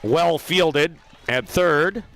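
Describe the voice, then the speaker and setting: A man calling a softball game play by play, lively, with self-deprecating asides about player names. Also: on the high side, drawn-out words, some chatter behind. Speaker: play-by-play announcer. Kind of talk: sports commentary.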